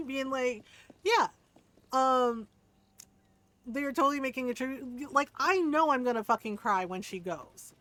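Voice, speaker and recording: A woman's voice: high-pitched, measured pace, long pauses, low-quality recording. A woman game streamer chatting casually, telling stories with lots of laughter, swearing and mimicked voices. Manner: animated storyteller, swears freely, laughs often, mimics relatives. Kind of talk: casual chat while gaming.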